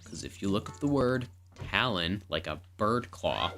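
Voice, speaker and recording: A woman's voice: a bass voice, animated, normal speed, fairly bright tone. A woman streaming a game live, chatting casually in a rambling, playful way as she narrates what she does. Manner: rambling, playful, self-narrating, repeats words. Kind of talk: casual live gameplay commentary. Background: game music.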